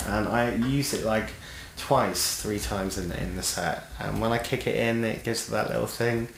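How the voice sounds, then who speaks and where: A man with a very low voice chats casually and eagerly about music, now and then letting a swear word slip. The room is echoey, and faint background noise sits under his voice. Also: unhurried, gravelly. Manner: chatty, enthusiastic, swears casually. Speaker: podcast co-host, guitarist and singer. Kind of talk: casual chat.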